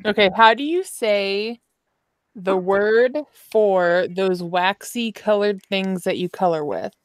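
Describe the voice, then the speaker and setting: A woman's voice: mid-range voice, slow, no echo. A woman guest in a casual chat, playfully quizzing the others.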